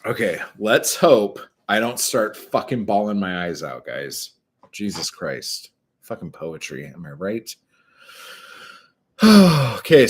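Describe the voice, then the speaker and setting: A man chatting casually with viewers and reading his own poems on a livestream from a dim room at home, swearing often and reading the verse slowly. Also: lowish voice, very animated, husky. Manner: profane, chatty, slow deliberate reading.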